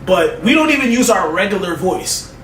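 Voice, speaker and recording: A man's voice: sits high, sing-song, normal speed, a bit bright. A man talking emphatically in casual chat about a movie. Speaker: podcast co-host. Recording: echoey room, distant mic, background noise.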